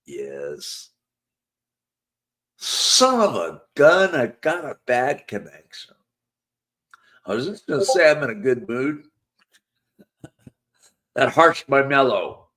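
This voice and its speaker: A man's voice: mid-range voice, sing-song, takes it slowly, pauses often, a bit bright. A man hosting a live chat stream, rambling in a casual, joking way and humming bits of songs between comments. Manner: rambling, hums and sings snippets between chat; laid-back, joking. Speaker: live show host.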